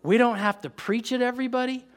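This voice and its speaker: A man with a high voice preaches to his congregation. He drifts between casual, joking asides and bursts of fervent, excited emphasis. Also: fast. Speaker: pastor. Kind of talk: sermon.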